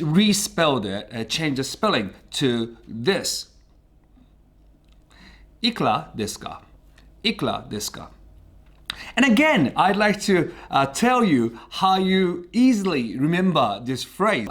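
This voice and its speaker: A Japanese man with a halting, pausing delivery, hosting a casual vlog lesson for viewers. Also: on the high side, a bit bright. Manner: halting, pauses often mid-sentence. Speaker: YouTuber teaching Japanese.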